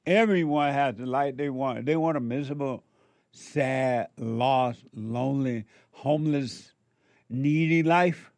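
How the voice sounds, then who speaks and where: A man's voice: medium pitch, normal speed, a little mellow, dry recording. A man preaching a spiritual sermon, emphatic and repetitive, firing rhetorical questions at his listeners.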